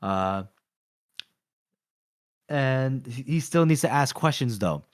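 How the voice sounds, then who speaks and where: A man's voice: medium pitch, animated, takes it slowly, no echo, clean studio sound. A man co-hosting a podcast, casually retelling a book chapter and acting out bits of dialogue. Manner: retells scenes, acting out lines. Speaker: podcast co-host.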